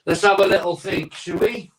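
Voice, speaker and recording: A rambling, chatty man with a voice that sits a little high for a man. He hosts a casual live stream from his home conservatory and talks into a phone mic. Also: normal speed, recorded from a distance, rough recording. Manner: rambling, chatty, reads out viewer comments. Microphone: iPhone microphone.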